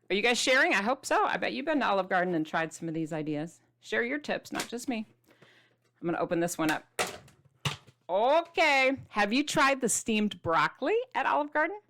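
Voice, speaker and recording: Middle-aged lady vlogging about food, chatty and playful, kinda theatrical, normal pitch. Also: a bit bright. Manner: chatty and playful, with dramatic whispers and squeals. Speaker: keto diet author and host. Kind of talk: casual food vlog, showing items to camera.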